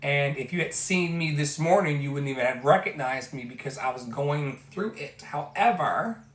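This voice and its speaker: A man's voice: a little high, moderate pace, fairly bright tone. A man giving an emphatic motivational talk as a life coach, repeating his phrases like a preacher. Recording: echoey room with faint music.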